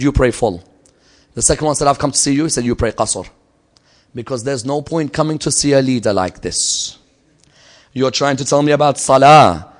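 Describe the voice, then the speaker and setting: A man giving a religious lecture, telling a story and swinging from loud emphatic peaks to low, quiet asides. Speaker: Islamic lecturer.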